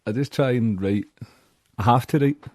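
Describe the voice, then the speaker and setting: Glaswegian guy chatting in an interview, low dark husky voice, dry close mic. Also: moderate pace, dry recording. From Scotland. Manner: blunt, plainspoken, uses local slang. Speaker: musician guest. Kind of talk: casual interview chat.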